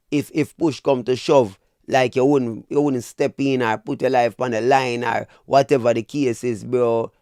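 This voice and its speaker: A man's voice: mid-range voice, smooth, no room sound, clean studio sound. A man with a Jamaican accent giving opinionated commentary as a vlogger and speaking straight to his viewers. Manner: animated, preachy, addresses viewers as "people".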